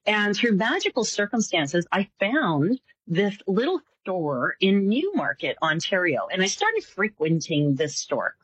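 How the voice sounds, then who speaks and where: A woman tells her story with lots of movement in her pitch, slipping into the voices of the people she quotes. Her voice has a slightly husky grain. The recording is dry and close. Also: unhurried, hardly any pauses, dry recording, rough recording. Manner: animated, acts out voices in her stories. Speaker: psychic guest. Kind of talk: casual storytelling interview.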